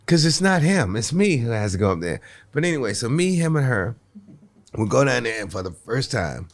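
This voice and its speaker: Animated male comedian telling a story. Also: mid-range voice, moderate pace. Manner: animated, repeats words at restarts, acts out voices. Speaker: comedian guest. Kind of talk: storytelling anecdote. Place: podcast recording.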